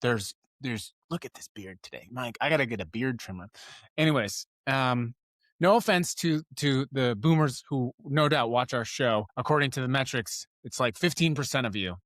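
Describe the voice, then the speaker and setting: A man's voice: mid-range voice, normal speed, fairly bright tone, no room sound, studio quality. A man hosting a live news commentary show, riffing sarcastically and breaking off his own sentences. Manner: sarcastic, riffing, self-interrupting. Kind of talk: rambling political commentary.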